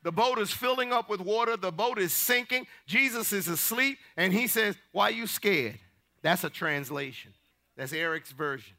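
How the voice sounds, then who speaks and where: Pastor, male, high gravelly and bright, fiery sermon delivery with shouted peaks. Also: moderate pace. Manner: animated, rising to shouts, folksy asides.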